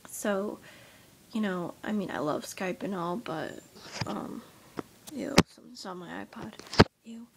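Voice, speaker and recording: A tired young woman with a headache, rambling in a soft, half-whispered voice as she vents to her vlog camera. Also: medium pitch, unhurried, vocal fry, pauses often, noisy background. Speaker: vlogger. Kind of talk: casual rant to camera.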